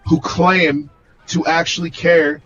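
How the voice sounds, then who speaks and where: A man arguing his side in a podcast debate, halting with ums yet insistent. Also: a little high, little pitch movement, a bit bright, highs cut off. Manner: hesitant, insistent, lots of um. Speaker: debate guest.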